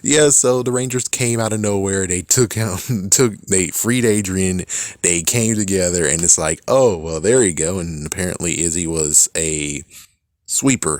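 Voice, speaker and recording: Lowish, animated man reviewing a show. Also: no echo, clean studio sound. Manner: animated, swears a lot, laughs often. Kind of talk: casual episode review commentary.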